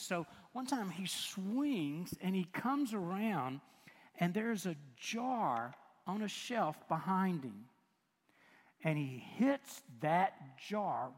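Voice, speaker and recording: Older preacher with a high, ringing voice. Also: male voice. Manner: animated, self-mocking storytelling with chuckles. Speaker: pastor. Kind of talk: storytelling sermon. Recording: long reverb of a large hall.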